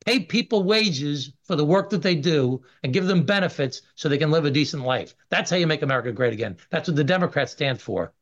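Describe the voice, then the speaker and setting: A middle-aged man argues his case on a radio interview, forceful and emphatic. His voice sits a bit high for a man. The recording is dull and lo-fi. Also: expressive, brisk, hardly any pauses. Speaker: congressman guest.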